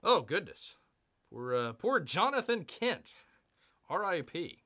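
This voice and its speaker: A man's voice: high voice, sing-song, takes it slowly, bright, forceful tone. A man hosting a casual live stream, rambling and self-mocking as he unboxes comics and reads chat, calling himself Bear.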